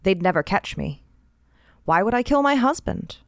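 A woman's voice: mid-range voice, sing-song, moderate pace, vocal fry, no echo. A woman voicing an anxious, fretful housewife who scolds herself, in a dry, close read story.

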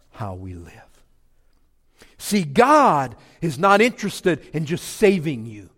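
A man's voice: fairly high pitch, huge pitch swings, takes it slowly, a bit bright, in a large hall. A man preaching a sermon in a folksy, emphatic way, repeating his key phrases. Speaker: pastor.

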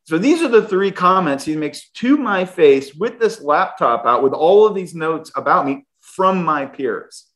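A man's voice: on the high side, lively intonation, unhurried, few pauses, fairly bright tone. A middle-aged man, a guest, animatedly telling a personal story and often restarting his sentences. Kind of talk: storytelling in an interview.

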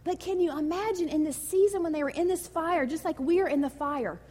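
High-voiced woman preaching, echoing hall. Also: a little fast, few pauses. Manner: animated, emotional, conversational preaching. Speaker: pastor. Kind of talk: sermon.

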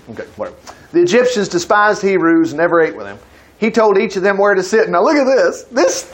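A man teaches through a Bible passage in casual study style. His voice sits high, and he keeps pausing the reading to chuckle and comment. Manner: reads aloud, breaks in with chuckling asides.

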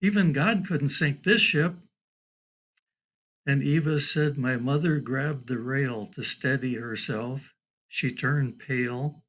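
An older man, a local historian, slowly and deliberately telling a historical story and quoting a survivor's account. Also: medium pitch, fairly bright tone, poor audio. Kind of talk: slow spoken storytelling.

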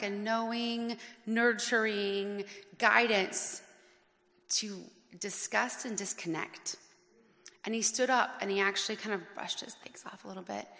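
A woman's voice: a little high, unhurried, sharp tone, big-room sound. A woman telling a personal story on stage, earnest and emotional, linking her sentences in long chains.

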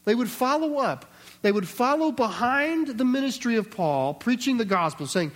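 A man with a high voice preaches through a scripture passage. He keeps it conversational, acts out the voices he quotes and restarts phrases as he thinks aloud. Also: very animated, moderate pace, a bit bright. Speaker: pastor. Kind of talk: expository sermon.

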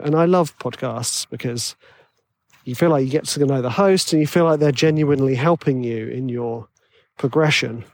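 Chatty tenor podcast host. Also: male voice, on the high side, dry recording. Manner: rambling, self-deprecating, chatty with frequent fillers. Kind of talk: casual solo podcast chat.

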